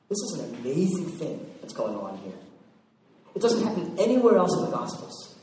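A male preacher delivers a sermon to his congregation. He tells stories with energy and acts out the voices of the people in them. His fairly high voice rings through a large echoing hall and is picked up from well back. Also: fairly quick, slight background noise. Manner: animated storytelling with acted-out voices. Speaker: pastor. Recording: echoey hall from far off.

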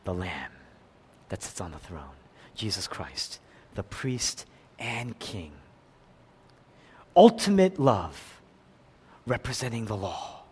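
A man preaching a sermon, swinging from loud cries down to hushed, near-whispered lines. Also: on the low side, very animated, takes it slowly, long pauses, breathy edge. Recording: long hall reverb.

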